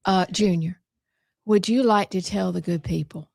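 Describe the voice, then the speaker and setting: A woman's voice: on the low side, moderate pace, vocal fry, darkish tone, no echo, studio quality. A woman hosting a talk show in a chatty, easy-laughing way. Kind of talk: casual radio chat.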